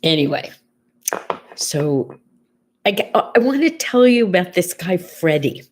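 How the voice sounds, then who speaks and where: A little slow and on the low side, with big swings in pitch, an older woman running a relaxed morning chat show spins chatty stories, quoting others in conversation.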